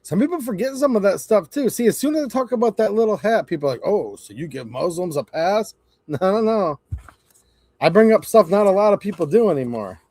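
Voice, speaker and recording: A man's voice: sits high, animated, fast talker, a little mellow, no echo. Sarcastic rambling man, dry close sound. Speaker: channel host. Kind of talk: casual livestream rant.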